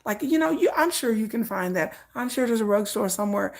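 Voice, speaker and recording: A woman voicing a celebrity's assistant who makes odd requests sound reasonable, in a soft, soothing, overly calm manner. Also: fairly high pitch, brisk, creaky, pitched below the performer's own voice. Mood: placating.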